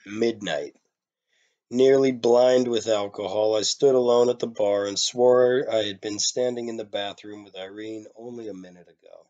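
A man reading a short story aloud, in a plain, low-key way, giving the characters' lines some life. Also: steady tone, normal speed, warm tone, highs cut off. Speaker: reader.

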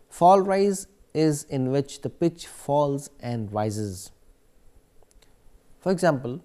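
A man's voice: medium pitch, animated, slow, warm tone. A man giving a recorded academic lecture, explaining steadily with occasional fillers.

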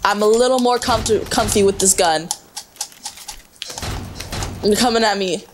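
A young woman hosting a gameplay segment gives excited commentary as she plays, reacting in panicky, yelping bursts with laughing asides over game music. Her mid-range voice is a little slow, with slight background noise.

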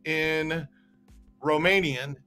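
A man's voice: on the high side, steady tone, very slow, sharp tone, clear, resonant tone, faint music behind. A man hosting a live stream, chatting and reading viewer comments aloud, often stumbling over names. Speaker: host.

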